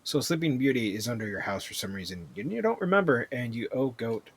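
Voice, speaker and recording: A man casually narrating his gameplay as a streamer, murmuring to himself in a relaxed way. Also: medium pitch, brisk, breathy edge. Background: game music.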